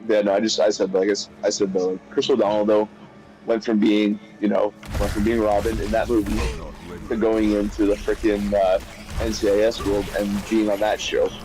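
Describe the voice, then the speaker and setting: A man's voice: lowish voice, little pitch movement, normal speed, warm tone, soft background music, rough recording. A man chatting casually during a gaming session, rambling and often repeating and restarting his sentences. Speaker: streamer chatting while gaming.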